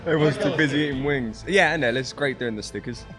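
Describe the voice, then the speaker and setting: A man's voice: mid-range voice, fast talker, music in the background. Dry, teasing man at a draft. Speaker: draft participant.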